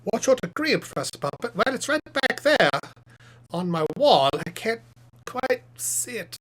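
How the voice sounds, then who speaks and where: A man voicing a chatty, self-satisfied male puppet professor who hosts a live stream, reading chat questions aloud and rambling through them with deadpan jokes. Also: extremely high pitch, unhurried, breathy edge, pitched above the performer's own voice, heavily acted.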